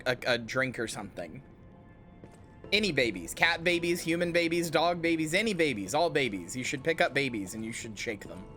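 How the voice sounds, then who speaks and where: Male game streamer, playful, rambling, bright voice, animated pitch. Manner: playful, rambling, talks to chat. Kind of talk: casual livestream commentary. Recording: faint music behind.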